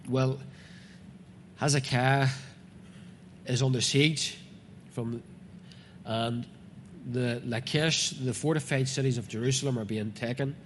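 Preaching with a Northern Irish accent, a man reads scripture aloud and then explains it earnestly and conversationally to the people gathered. His voice sits at medium pitch. A little hiss or hum runs under the recording, made in a reverberant hall with faint ambience.

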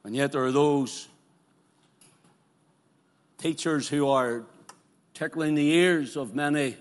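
A man preaching a sermon, moving between loud fervent declarations and quiet, pleading questions to his listeners. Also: a little high, takes it slowly. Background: congregation present, also streamed live.

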